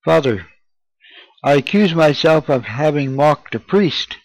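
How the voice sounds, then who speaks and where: A man's voice: fairly high pitch, animated, a little slow, dry recording, rough recording. A man reading the lines of a timid young schoolboy making his confession. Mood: hesitant. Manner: hesitant, apologetic.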